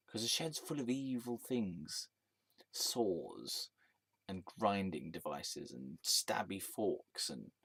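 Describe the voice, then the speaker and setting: A man rambles through a personal monologue, swearing freely and often laughing at himself. His voice sits fairly low and the sound is close and dry. He talks like a vlogger chatting straight to camera. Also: no room sound. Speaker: storytelling vlogger.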